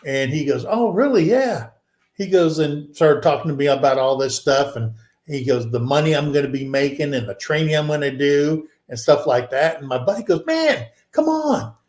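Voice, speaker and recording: A man's voice: medium pitch, a little fast. A man in his sixties, co-hosting a show, telling a rambling story and acting out the people in it with a raised voice. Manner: animated, acts out quoted people in a raised voice; rambling with many fillers and restarts. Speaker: podcast co-host. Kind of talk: casual storytelling. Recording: echoey room.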